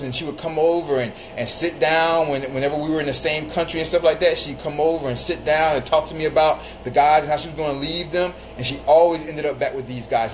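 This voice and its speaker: A man's voice: a little high, slight background noise, poor audio. Emphatic man giving live-stream advice. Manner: emphatic, repeats phrases for stress; greets viewers mid-talk.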